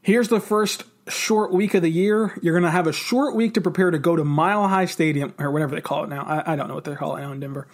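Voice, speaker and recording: Excitable higher-voiced man talking football. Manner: fast, excited, rambling. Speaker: sports podcast co-host. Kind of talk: casual sports talk.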